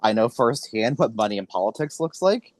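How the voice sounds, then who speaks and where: A man's voice: fairly low pitch, animated, a little fast, darkish tone, no room sound. A man from Missouri hosting a podcast interview, blunt and opinionated. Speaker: podcast host.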